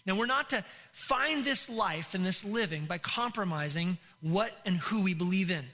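A man's voice: high-pitched, animated, normal speed, hardly any pauses, pushed and bright. A male pastor preaching a sermon in an impassioned way, with many restarts and repeated phrases.

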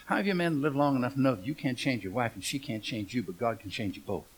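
A man's voice: mid-range voice, quick pace, slight background noise. A middle-aged man preaching a humorous storytelling sermon, folksy and joking, asking the congregation questions.

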